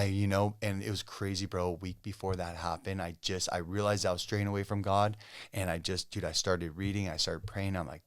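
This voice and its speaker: A man from Southern California with a very low, smooth and resonant voice, recorded dry and close. He tells his story as a podcast guest in relaxed, casual talk, peppered with "dude", "bro" and "like". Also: fairly quick, dry recording. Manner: laid-back, full of "dude", "bro" and "like". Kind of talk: casual testimony chat.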